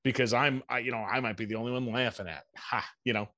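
A man's voice: mid-range voice, quick pace, pushed and bright, no room sound. A man co-hosting a podcast in casual chat, candid and self-deprecating, rambling and swearing freely. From United States. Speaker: podcast co-host.

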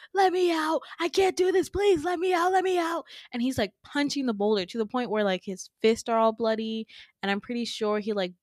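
A woman's voice: mid-range voice, no echo, clean studio sound. A woman hosting a podcast, retelling a dream in a chatty, casual way with lots of fillers. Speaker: podcast host.

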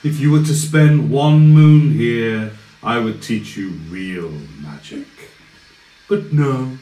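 A man voicing an arrogant, cruel male villain mage who taunts slowly and theatrically in a tabletop game. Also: medium pitch, dark tone, recorded from a distance, lightly acted. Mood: scornful. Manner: slow, sneering, theatrical taunts. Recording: echoey room with faint noise.

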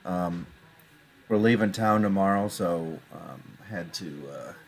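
A man co-hosting a casual online show, easygoing and quick to laugh. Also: deep voice. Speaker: podcast co-host. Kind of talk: casual chat.

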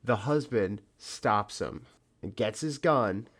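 A man's voice: lowish voice, slow pace, fairly bright tone. A man co-hosting a podcast who talks casually and bluntly, swearing and cutting in to add to the story. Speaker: podcast co-host. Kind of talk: casual chat.

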